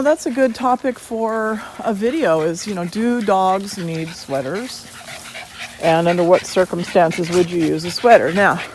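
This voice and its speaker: A woman's voice: medium pitch, slight background noise, low-quality recording. A woman dog breeder hosting a casual vlog outdoors in a pasture, talking informally about her dogs. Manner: chatty, informal, breaks off to call her dogs. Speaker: dog breeder and channel host.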